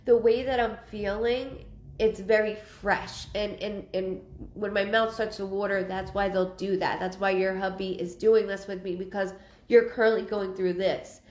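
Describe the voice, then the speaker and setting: A woman's voice: mid-range voice, fairly even intonation, moderate pace, a little mellow, reverberant. A woman giving a live psychic reading, rambling and repeating herself with many ums. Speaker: psychic medium.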